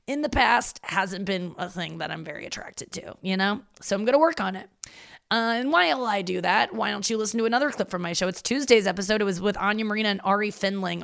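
Woman in her thirties, podcast host, casual confessional monologue, smooth clear voice, lowish pitch. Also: fairly bright tone. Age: 30s. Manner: candid, rambling, self-deprecating, swears freely.

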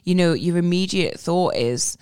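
Smooth-voiced chatty woman. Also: fairly low pitch, moderate pace, a little mellow, dry recording, clean studio sound. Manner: chatty, rambling, many fillers and restarts. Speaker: podcast co-host. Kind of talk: casual football chat. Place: recorded in person with co-hosts.

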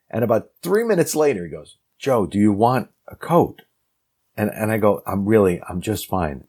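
A man telling a lively anecdote from his acting career as a guest, acting out the people he quotes. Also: fairly low pitch, moderate pace. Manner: animated storyteller acting out quoted lines. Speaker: actor telling a story as guest. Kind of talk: casual anecdote.

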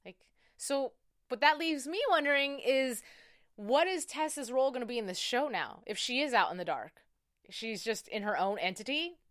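A woman's voice: a little high, lively intonation, moderate pace, a bit bright, dry recording, clean studio sound. A woman hosting a casual recap podcast, chatty and rambling, often cutting herself off mid-thought. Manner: chatty, rambling, self-interrupting. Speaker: podcast host.

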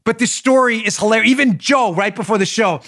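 Here a man hosting a political podcast airs his opinions in a high, bright-sitting voice, brisk in pace. His delivery is emphatic and lively, full of storytelling and laughter, captured in a dry, close recording without any room ambience.

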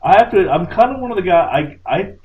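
A man's voice: sits high, animated, fast, phone-quality sound, a little hiss or hum. A man co-hosting a casual podcast chat, rambling in a laid-back way. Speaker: podcast co-host.

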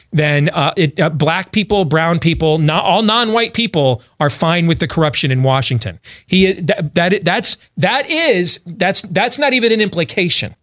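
A man hosts a talk radio show. His voice sits a little high and he argues in a brash, rambling way. The sound is close and dry, with no room around it. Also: fairly bright tone, dry recording. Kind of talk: talk radio commentary and ad read.

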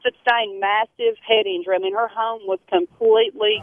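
A woman's voice: a little high, steady tone, normal speed. Woman caller on a phone line. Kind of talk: calling in to a radio show.

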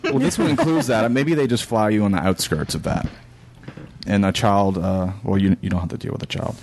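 Low-voiced man reading listener mail. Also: lively intonation, brisk, a little mellow. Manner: reads listener mail and lists details plainly. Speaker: podcast co-host reading listener email. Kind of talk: casual podcast chat.

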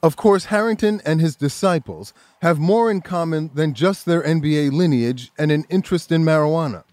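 News host voice-over: man, slightly high voice, measured and even, dry close recording. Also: no echo. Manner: measured, even reporter delivery. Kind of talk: scripted news narration.

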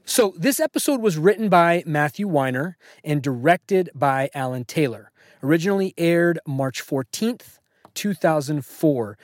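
A man's voice: fairly high pitch, expressive, unhurried, no echo, studio quality. Wry, joking podcast host, man. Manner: wry, joking, fact-heavy. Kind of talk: casual podcast chat.

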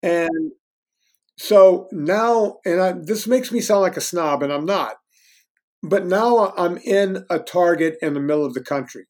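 Man in his fifties, slightly high voice, candid self-deprecating storyteller, halting restarts. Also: expressive. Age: 50s. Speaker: guest. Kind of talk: casual conversational storytelling.

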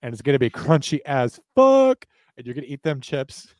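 With big swings in pitch and a darkish mid-range tone, this man moves at a moderate pace. He's a podcast co-host doing ad reads as a bit, casual and overplayed with mock sales energy.

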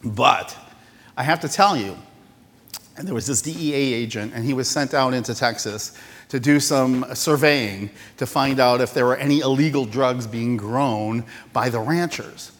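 A male pastor giving a casual, self-deprecating sermon with many pauses and restarts. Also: mid-range voice, a bit bright. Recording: reverberant church hall.

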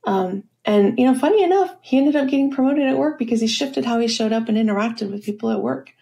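A woman's voice: on the high side, quick pace, vocal fry, dark tone. A woman leadership coach telling stories in a podcast interview, with many fillers like "you know" and "um".

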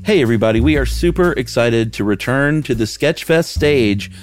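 A man's voice: mid-range voice, lively intonation, normal speed, faint music behind. A man co-hosting a podcast in easygoing casual chat, stuffy from a head cold. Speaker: podcast co-host.

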